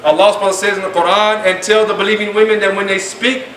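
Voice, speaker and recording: A man's voice: sits high, level tone, very fast, fairly bright tone. A man teaching a class, speaking emphatically and casually and acting out the things people say. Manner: emphatic, colloquial, acts out quoted speech. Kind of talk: classroom lecture. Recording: echoey room, mic at a distance, faint noise.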